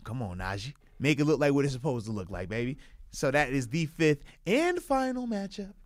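A man's voice: a little high, sing-song, no room sound. Hyped, emphatic sports talk man. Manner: emphatic, hyped, playful drawn-out delivery. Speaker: sports podcast co-host.

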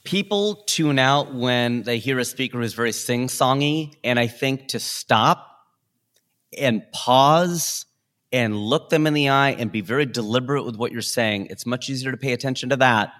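A man who is a stand-up comedian talking as a guest in a casual interview, animated and playing with his pitch and loudness. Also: normal speed.

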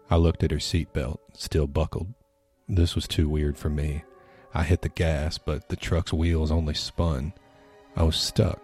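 Male horror narrator, very deep and mellow, steady measured read. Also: husky. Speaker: podcast storyteller. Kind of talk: scripted horror story narration.

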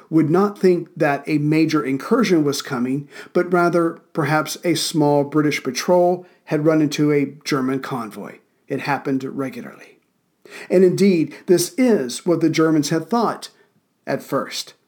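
A man's voice: a little high, moderate pace, darkish tone. A man hosting a history podcast from Central Virginia, narrating events with dry, wry asides and thanking listeners casually.

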